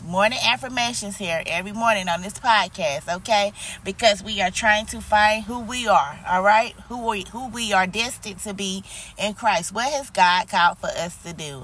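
Bright-voiced woman podcast host, preachy. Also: mid-range voice, a little hiss or hum. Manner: preachy, call-and-response with listeners, frequent "okay?". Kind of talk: faith-based motivational podcast talk.

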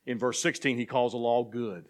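A man with a medium-pitched voice preaches to his church as its pastor, speaking at a normal pace with fairly even intonation. He poses questions to the congregation in call-and-response fashion, his intensity rising as he builds toward emphatic passages.

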